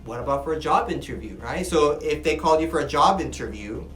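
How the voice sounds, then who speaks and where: A man giving a classroom lecture. He talks in an animated way and keeps checking in with his listeners. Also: a little high, quick pace. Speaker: teacher. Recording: echoey room with faint music. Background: faint music.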